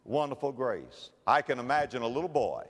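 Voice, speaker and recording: A man's voice: mid-range voice, sing-song, fairly quick. Impassioned man preaching in an echoing hall. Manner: impassioned, dramatic, swings from loud to hushed. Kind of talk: sermon. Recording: echoey hall, long reverb.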